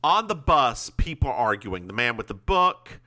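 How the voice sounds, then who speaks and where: A man co-hosting a podcast, retelling a TV episode in a chatty, animated way with quick asides. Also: mid-range voice. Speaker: podcast co-host. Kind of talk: casual recap chat.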